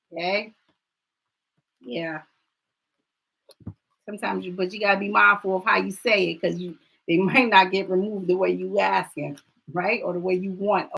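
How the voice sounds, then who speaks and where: A woman's voice: on the low side, creaky, fairly bright tone, slightly rough, poor audio. A woman giving a card reading on a live stream, talking straight to viewers and reassuring them in casual chat.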